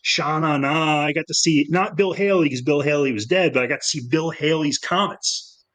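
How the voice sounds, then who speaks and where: A middle-aged man telling rambling, animated anecdotes as a guest in a casual interview, full of fillers and restarts. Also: on the high side, normal speed, rough recording. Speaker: guest filmmaker.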